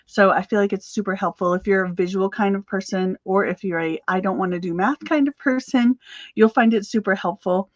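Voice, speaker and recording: A woman's voice: mid-range voice, no room sound, dull audio. A woman coaching crochet sellers in a chatty, upbeat live stream, with fillers and little laughs. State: slightly out of breath.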